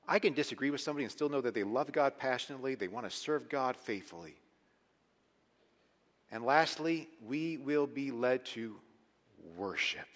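A man preaching a sermon as pastor, animated and emphatic, dropping to hushed lines and rising to loud ones. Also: mid-range voice, fairly quick. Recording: long hall reverb.

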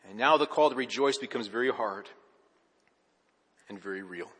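A man preaching a sermon as pastor, telling stories with animation and then dropping to a soft, earnest hush. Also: medium pitch, normal speed, slightly rough, in a large hall.

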